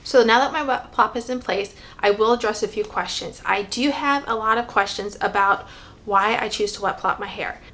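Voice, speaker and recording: Styling her hair while testing a gel on camera, a woman hair care vlogger talks casually through the tutorial, musing aloud and using lots of fillers. She speaks at a normal speed in a mid-range, fairly bright voice.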